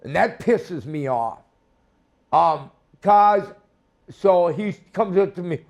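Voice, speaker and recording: Older guest from Minnesota, high-pitched and unhurried, blunt and salty. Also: male voice, animated, creaky, darkish tone. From Minnesota, USA. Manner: blunt, profane, heated storytelling. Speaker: guest, former wrestler. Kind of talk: storytelling interview.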